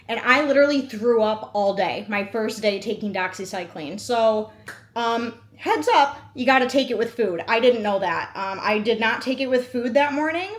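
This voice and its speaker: A woman's voice: on the high side, echoey room. A woman in her thirties, a vlogger chatting candidly to camera, telling personal stories with lots of fillers. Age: 30s. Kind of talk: casual sit-down vlog chat. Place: room at home, sitting before a meal.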